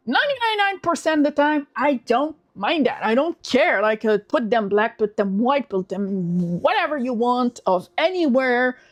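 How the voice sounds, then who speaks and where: A young woman hosting a livestream, chatting casually in animated, swearing rants full of restarts. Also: fairly high pitch. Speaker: livestream host.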